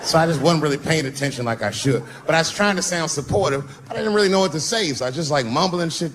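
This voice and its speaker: A middle-aged man performing stand-up comedy on stage, telling a profane, conversational story and jumping his pitch for voices. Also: expressive, quick pace, fairly bright tone, slight background noise. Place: stage before a live audience.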